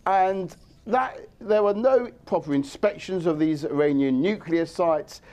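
A man's voice: high voice, unhurried, mellow. A male journalist debating on television, mocking and dismissive of his opponent. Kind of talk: heated TV debate argument.

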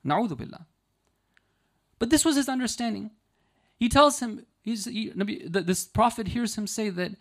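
A man's voice: high-pitched, expressive. Male preacher, earnest teaching sermon, storyteller pacing, rhetorical check-ins. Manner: earnest, explanatory, with frequent rhetorical "right?" checks; storytelling, slowing down to stress key lines. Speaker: religious lecturer.

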